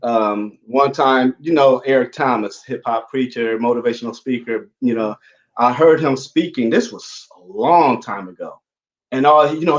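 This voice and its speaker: A man's voice: mid-range voice, moderate pace, dull audio. A man hosting a casual chat, telling earnest motivational stories. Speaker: podcast host.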